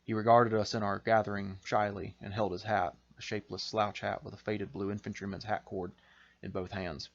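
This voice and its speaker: A man, the author, reading a passage from his novel aloud in a measured, expressive storytelling voice. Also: on the low side, creaky, highs cut off. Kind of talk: audiobook-style fiction reading.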